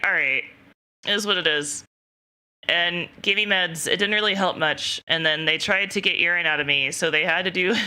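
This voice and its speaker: A woman's voice: fairly low pitch, bright, forceful tone. A young woman streamer casually telling a rambling story to her chat, laughing often and quoting herself. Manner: giggly, rambling, lots of self-quoting.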